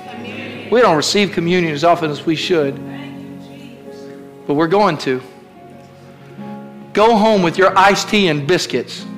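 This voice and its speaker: A man's voice: fairly high pitch, fairly bright tone. A male pastor preaching a fervent sermon, with repeated calls to the congregation.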